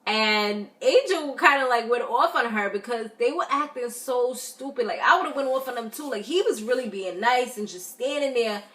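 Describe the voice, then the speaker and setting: A woman's voice: on the high side, normal speed, few pauses, fairly bright tone. A woman recapping a reality show in a casual vlog, chatty and blunt, with lots of fillers. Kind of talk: casual review chat.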